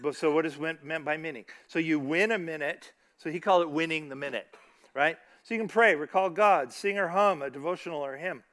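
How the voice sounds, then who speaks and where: A middle-aged man gives a relaxed, conversational sermon, often asking his listeners questions and quoting scripture from memory. His voice is bright and forceful, pitched a bit above the usual for a man. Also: fairly quick. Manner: chatty, asks the audience questions, recites scripture. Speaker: church speaker. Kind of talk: casual sermon talk.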